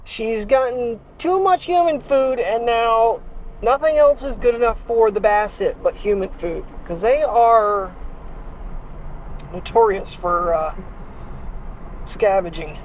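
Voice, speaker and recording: A man's voice: very high-pitched, animated, slow, slight background noise. A man talking casually to his camera at home about his sick dog, rambling and worried, filmed on a handheld gimbal with a wireless mic. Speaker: daily vlogger. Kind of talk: casual vlog talk to camera. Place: home and backyard at night.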